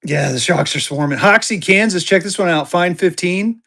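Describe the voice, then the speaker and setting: A live online auction seller doing fast sales patter, repeating phrases and getting excitable as bids come in. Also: creaky. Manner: excitable, voice jumps high when bidding heats up; rapid hype with repeated phrases.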